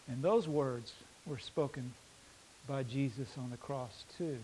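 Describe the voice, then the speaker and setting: A man preaching a sermon, reading scripture aloud slowly and swinging between loud emphasis and quiet intensity. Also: medium pitch, a little hiss or hum, rough recording. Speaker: pastor.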